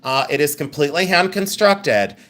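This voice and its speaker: A man with a slightly higher voice hosts a live jewelry sale from indoors. He chats casually and jokes with viewers, often breaking into laughter. He describes each ring and pendant with warm enthusiasm. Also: expressive, moderate pace. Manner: chatty, joking, often laughing. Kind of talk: live sales stream chat.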